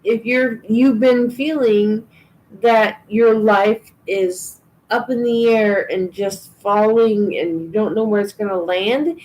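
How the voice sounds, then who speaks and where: A woman's voice: mid-range voice, slow, a little mellow, rough recording. A woman giving a live tarot and oracle card reading, chatty and reassuring, with frequent ums and restarts. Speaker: tarot reader.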